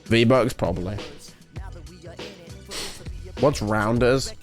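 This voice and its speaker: A man's voice: mid-range voice, extremely slow, faint music behind. A young man with an English accent, chatting casually on a livestream and joking with his viewers. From United Kingdom. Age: young adult. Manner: laughing, joking banter with chat. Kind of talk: casual live-stream chat.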